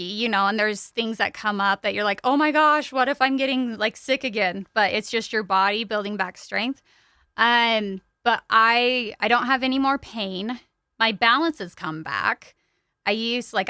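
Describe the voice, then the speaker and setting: Podcast guest, woman, open and chatty storyteller, crisp and resonant tone, dead-dry studio sound. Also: a little high, sharp tone, no echo. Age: young adult to middle-aged. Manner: open and chatty, frequent "like" fillers. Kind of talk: candid personal storytelling.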